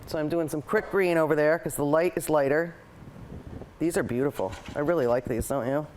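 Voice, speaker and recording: A woman's voice: low-pitched, a little fast, darkish tone, slight background noise. A woman hosting a live painting lesson, chatting eagerly and thinking aloud as she paints. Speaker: painting show host and art teacher.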